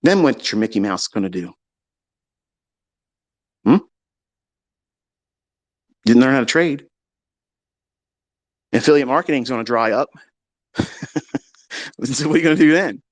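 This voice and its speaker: A man ranting crudely and mockingly as a trading educator, swinging from low mutters to loud outbursts. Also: animated, unhurried, pauses often, no echo. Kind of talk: profane rant.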